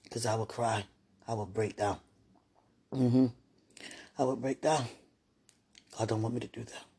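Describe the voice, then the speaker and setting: A woman murmuring an emotional spoken prayer, soft-spoken and soothing herself. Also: extremely low pitch, husky. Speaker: mother.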